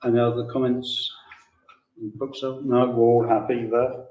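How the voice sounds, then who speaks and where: Man chairing a meeting, brisk, procedural, level monotone, distant echoey room mic. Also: mid-range voice, muffled recording. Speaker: committee chair.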